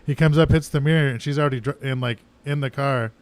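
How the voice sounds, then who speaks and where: A man's voice: medium pitch, steady tone. A man co-hosting a show, telling stories casually and laughing along. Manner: quick, storytelling, laughing along. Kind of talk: casual chat.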